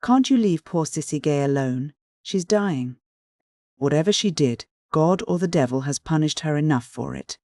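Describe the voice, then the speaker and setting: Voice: medium pitch, lively intonation, normal speed, darkish tone, no room sound, clean studio sound, natural voice. A reader voicing a defiant, outspoken young woman in an audiobook, with a tart, cutting delivery.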